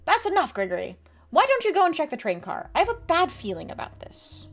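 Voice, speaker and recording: A woman's voice: very high-pitched, huge pitch swings, a little fast, faint music behind, pitched above the performer's own voice, heavily acted. A woman doing a stern militia officer.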